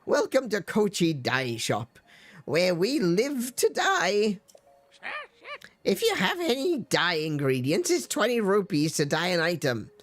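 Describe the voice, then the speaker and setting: A man doing a chirpy, high dye shop keeper. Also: sing-song, a little slow, fairly bright tone, no echo, exaggerated voice. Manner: chirpy shop-greeting patter. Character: cheerful male dye shop keeper, salesy.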